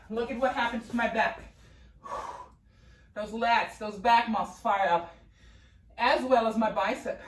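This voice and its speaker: A woman's voice: on the high side, a bit bright. A woman fitness instructor coaching a workout class, upbeat and a little out of breath as she cues moves and counts down reps. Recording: echoey room, voice from far off.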